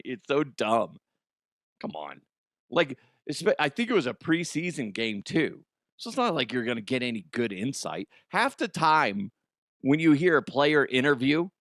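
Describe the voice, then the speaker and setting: A man's voice: medium pitch, a bit bright, dry recording, clean studio sound. Laughing, profane male comedy host. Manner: laughs often, profane, self-mocking. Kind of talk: casual comedic news chat.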